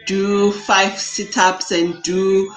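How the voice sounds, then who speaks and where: A woman's voice: medium pitch, level tone, very slow, faint music behind, low-quality recording. A woman life coach speaking as a guest in an interview, earnest and chatty, often saying "you know". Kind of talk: interview chat.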